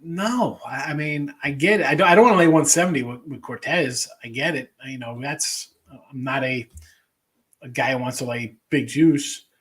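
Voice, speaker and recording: A man's voice: mid-range voice, normal speed, fairly bright tone. A middle-aged man hosting a live sports betting show, chatting loosely with viewers and rambling as he thinks aloud. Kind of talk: casual live-stream chat.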